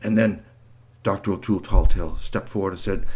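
A man telling an improvised story to a child, animated and playful, swinging from squeals to hushed tones. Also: sits low, a little fast, husky.

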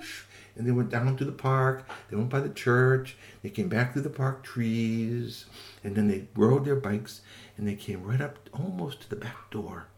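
A man telling a made-up bedtime story to children, gentle and animated, adding sound effects and voices. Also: medium pitch, measured pace, gravelly.

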